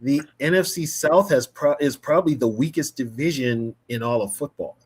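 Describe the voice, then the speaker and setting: Male podcast co-host, casual sports talk, slangy and emphatic, mid-pitched voice. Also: normal speed, darkish tone, husky.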